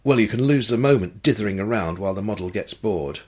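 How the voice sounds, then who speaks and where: A man voicing a brisk, polite photographer directing a model at a shoot. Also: fairly low pitch, lively intonation, darkish tone, breathy edge. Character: brisk, focused male photographer.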